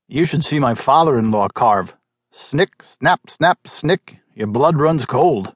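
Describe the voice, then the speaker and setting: Man doing bitter wife w/ dry sarcastic humor, husky storybook voice. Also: medium pitch, lively intonation, slow pace, no echo. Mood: wry. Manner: wry, indignant storytelling. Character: bitter, wry betrayed wife, middle-aged woman.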